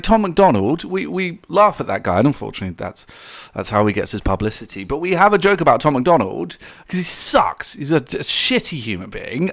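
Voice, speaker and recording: A young man giving casual, rambling commentary on a vlog, laughing often and restarting his sentences. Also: a little high. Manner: rambling, animated, laughs often, mocking quoted voices; many fillers and restarts. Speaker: commentary YouTuber.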